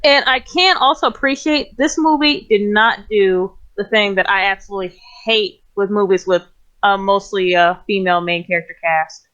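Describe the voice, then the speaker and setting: A woman's voice: medium pitch, normal speed, a bit bright. A woman co-hosting a casual movie review chat, blunt and nitpicky, swearing casually. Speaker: podcast co-host. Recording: slightly dull lo-fi mic.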